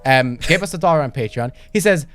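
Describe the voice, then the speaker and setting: Deadpan young man, fast joking. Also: a little high, music in the background. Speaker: podcast co-host. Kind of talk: casual podcast banter.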